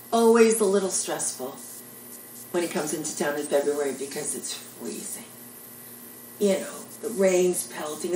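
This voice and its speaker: A woman's voice: fairly low pitch, a little mellow, roomy sound, recorded from a distance, slight background noise, poor audio. An older woman telling jokes and rambling stories in a chatty, self-deprecating way. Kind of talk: casual storytelling monologue.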